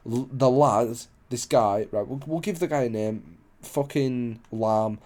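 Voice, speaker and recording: A man's voice: mid-range voice, a little slow, warm tone. A young man casually telling a story, rambling, swearing a lot and losing his place.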